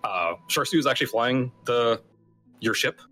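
A man's voice: medium pitch, moderate pace, sharp tone, soft background music, poor audio. A man narrating as game master of a tabletop game, in a casual way with lots of fillers and restarts.

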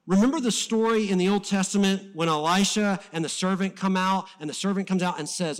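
A fired-up male pastor preaching to his church, his fairly high voice rising to loud emphasis and then dropping soft and low. The sermon is delivered in a passionate, conversational way. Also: a little fast, hardly any pauses.

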